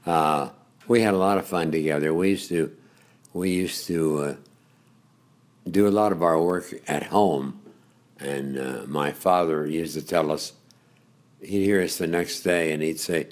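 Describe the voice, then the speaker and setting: An older man, a longtime radio host, telling stories in an interview, rambling with chuckles and pauses. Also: rumbling low. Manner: rambling storyteller with frequent uh's and chuckles. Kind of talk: reminiscing interview.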